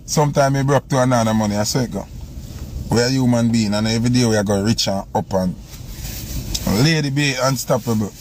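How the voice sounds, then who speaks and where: A man's voice: medium pitch, fairly quick, darkish tone, a little hiss or hum. A man with a Jamaican accent chatting casually on a phone live stream, rambling and repeating himself while he scrolls through comments. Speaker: selector going live.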